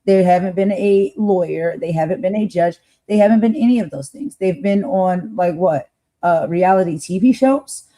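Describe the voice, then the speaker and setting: A woman's voice: lowish voice, moderate pace, mellow, poor audio. A woman co-hosting a political talk show, speaking in a conversational, slangy and emphatic way. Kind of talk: casual political commentary.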